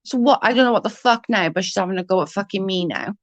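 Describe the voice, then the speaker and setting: A woman's voice: medium pitch, fast talker, no echo, highs cut off. A young adult woman ranting heatedly in casual chat, swearing often and restarting her sentences. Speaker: livestream guest.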